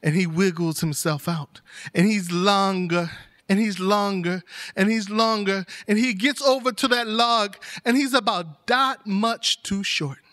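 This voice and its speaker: Male storyteller, oral folktale, high voice, bright tone, rhythmic repetition. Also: unhurried.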